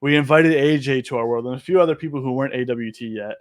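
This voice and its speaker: A man's voice: mid-range voice, quick pace, dry recording, clean studio sound. A young man, a podcast guest, telling stories in casual chat, swearing often and laughing as he talks. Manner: profane, laughing, animated storyteller.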